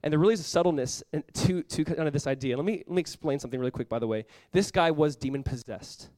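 A male pastor delivers a sermon in an earnest, chatty way, with a voice pitched a little high for a man. He talks quickly and often slips into acting out the reactions of his listeners. The sound is dry and close, with no room echo. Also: a little mellow.

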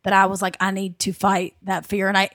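A woman comedian, telling stories in casual podcast chat, animated and salty-tongued. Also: mid-range voice, a little fast, dry recording, studio quality. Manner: animated storytelling with put-on voices; salty, swears freely. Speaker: comedian guest.

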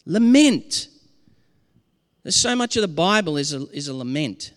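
A man's voice: on the high side, very animated, a little slow, big-room sound. A man preaching a sermon as pastor, earnest and impassioned, often restarting his sentences.

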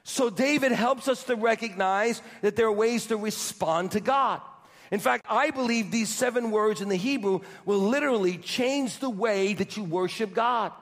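A man's voice: high voice, a bit bright. A man preaching a sermon as pastor, repeating phrases and calling on the congregation to answer back. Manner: preachy call-and-response, repeating phrases for emphasis. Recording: church hall reverb.

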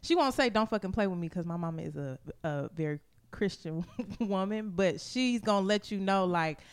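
A woman's voice: mid-range voice, animated, normal speed, smooth. A woman talking in a casual podcast chat, candid and profane, full of fillers. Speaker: podcast co-host.

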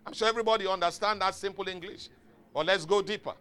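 High, bright-voiced emphatic male pastor. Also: quick pace, clear, resonant tone. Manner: emphatic, exhorting, calls for congregation responses. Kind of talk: sermon. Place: church. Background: faint music from outside.

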